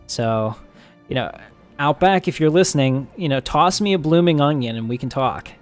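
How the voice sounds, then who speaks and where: A man's voice: on the high side, animated, normal speed, faint music behind. Chatty, joking male game streamer. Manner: chatty, joking, laughs often, thinks aloud. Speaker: live-stream gamer. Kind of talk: casual live-stream commentary.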